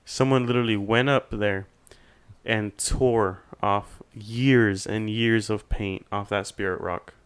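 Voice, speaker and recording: A young man in casual podcast chat tells a rambling story with plenty of swearing, slipping into other people's voices as he goes. His voice sits on the low side and sounds smooth and clean. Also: fairly even intonation, slow pace. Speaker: podcast guest.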